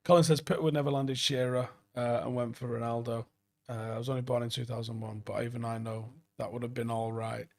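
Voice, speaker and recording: A man's voice: medium pitch, level tone, brisk, vocal fry. A man in his forties hosting a late-night football live stream, chatting loosely, reading out viewer comments and swearing freely. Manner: swears a lot, rambling and enthusiastic.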